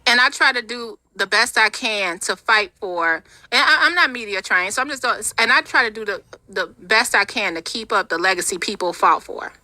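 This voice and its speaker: Brief: exasperated woman streamer, sarcastic, bright cutting tone, dry close mic. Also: mid-range voice, lively intonation, moderate pace, few pauses, dry recording. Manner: sarcastic, exasperated, laughing asides. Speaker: commentary channel host. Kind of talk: livestream commentary, reading comments.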